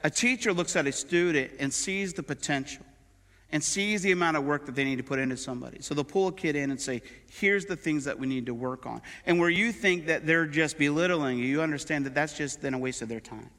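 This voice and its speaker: A middle-aged pastor gives a sermon in a warm, chatty way, leaning on everyday examples from family and sport. His voice is bright and forward and sits a little high. A long reverb from the church sanctuary trails every phrase. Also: a little fast. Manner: conversational preaching with everyday examples.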